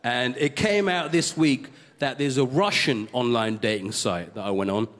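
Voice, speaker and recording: A male stand-up comedian, hosting a comedy show with quick, cheeky punchlines before a live audience. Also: medium pitch. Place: studio comedy stage with audience. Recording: live stage with loud crowd.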